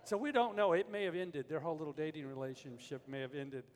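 An older male preacher telling a story from the pulpit with a slightly high voice. His words ring out with a long echo through a big sanctuary. He moves from easy storytelling to forceful preaching. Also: quick pace. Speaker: pastor. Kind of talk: sermon.

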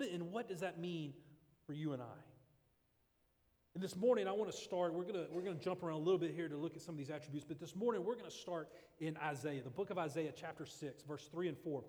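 A man preaching a sermon as pastor, earnest and halting, often restarting his phrases. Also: a little high, darkish tone, in a large hall.

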